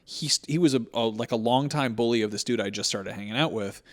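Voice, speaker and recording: A man's voice: medium pitch, quick pace. A man in his thirties, co-hosting a podcast, telling a story in casual chat with lots of swearing. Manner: profane, animated storyteller. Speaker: podcast co-host.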